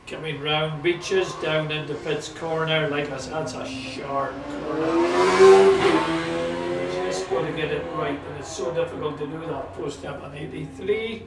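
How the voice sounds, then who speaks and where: A man with a Scottish accent giving chatty, excitable live commentary on a motorsport sprint event. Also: on the high side, normal speed, hardly any pauses. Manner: chatty, excitable, talks to a companion. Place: at a sprint track. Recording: roomy, distant mic with loud car noise. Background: car engines and outdoor ambience.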